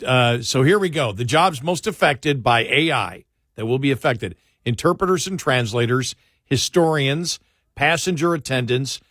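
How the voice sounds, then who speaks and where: A man's voice: a little high, fairly bright tone, dry recording, clean studio sound. A man hosting an overnight radio talk show, reading a list aloud and trading quips, his speech speeding up when he gets annoyed. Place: radio studio. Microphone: studio microphone.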